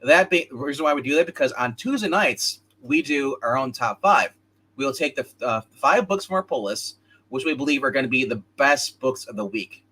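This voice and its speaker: Male streamer, rambling and opinionated, lively swooping delivery, bright edge. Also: mid-range voice, moderate pace, slightly rough. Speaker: comic book livestream co-host. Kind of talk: casual live-stream chat.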